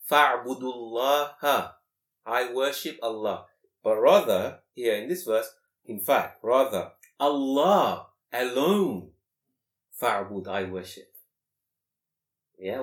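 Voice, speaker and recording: A man teaches a class on Quranic grammar in a mid-range voice. He keeps asking the students rhetorical questions and recites Arabic verses quickly. The recording has the echo of a classroom. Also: mid-range voice. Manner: explanatory, asks the class many rhetorical questions. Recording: echoey room.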